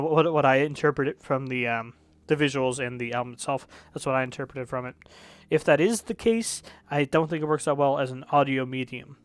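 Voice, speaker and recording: A man's voice: mid-range voice, clean tone, dry recording. A young man casually reviewing music, rambling and correcting himself, frank and a bit profane.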